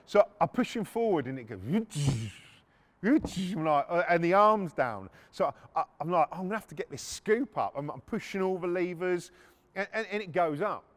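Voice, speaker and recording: A middle-aged man, hosting a podcast and telling a story in a casual, profane, animated way, acting out shouting people and machine noises. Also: high-pitched. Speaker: podcast host.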